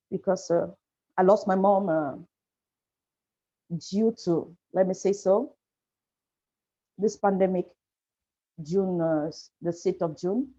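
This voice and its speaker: A woman speaking as a panel guest over a video call, halting and apologetic as she shares a painful personal story. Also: fairly low pitch, warm tone. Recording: muffled lo-fi video call audio.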